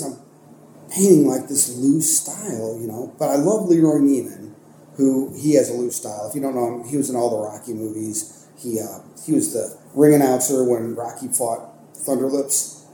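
A young man from Ohio telling a long, looping story full of fillers and self-corrections. His voice is deep-toned and very warm, never sharp. The room around him rings with echo, and a faint hiss sits underneath. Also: moderate pace. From Ohio, United States. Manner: rambling, animated, many fillers and self-corrections. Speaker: guest, art teacher and wrestling coach. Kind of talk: casual storytelling in a podcast interview. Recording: echoey room with faint noise.

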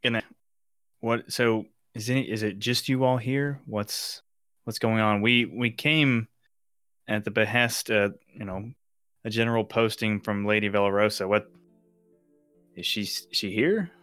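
A man's voice: fairly low pitch, fairly even intonation, unhurried, fairly bright tone, dry recording, soft background music. A man playing a tabletop game, asking questions in a casual way. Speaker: player.

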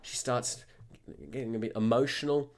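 A man's voice: medium pitch, steady tone, normal speed. A man who works as a tour guide, telling a story and animatedly acting out the dialogue. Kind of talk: storytime narration.

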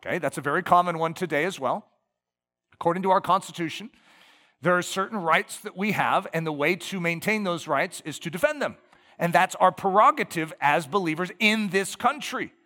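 A man's voice: high-pitched, brisk, pushed and bright, in a large hall. An American man preaching a sermon as pastor, building emphatic lists and rhetorical questions.

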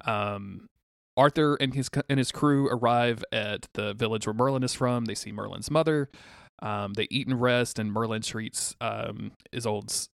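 Male podcast co-host, mid-pitched, rambling episode recap, dry booth sound. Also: moderate pace, creaky, a bit bright, no echo. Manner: rambling, filler-heavy recap. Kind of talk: casual chat recapping a TV episode.

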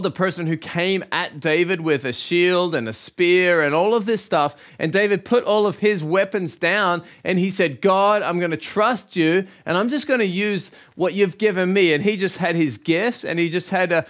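A man's voice: high-pitched, fairly bright tone. A man preaching an encouraging recorded sermon as a pastor, talking straight to the viewers in an upbeat way.

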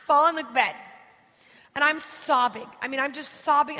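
An American woman in her thirties delivers a storytelling sermon as a guest preacher in a church hall, sharing a personal story with emotion and frequently posing questions to the audience. Her voice sits high and sounds bright and forceful, moving a little fast, and the hall is reverberant.

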